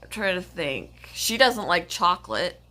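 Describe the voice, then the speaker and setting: A woman hosting a casual livestream chat, rambling from one thing to the next. She talks slowly, taking her time, and her voice sits a little low but rings bright and forceful. She keeps breaking off mid-word to fix what she's saying. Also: sing-song. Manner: rambling, chatty, self-correcting. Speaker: pet channel host.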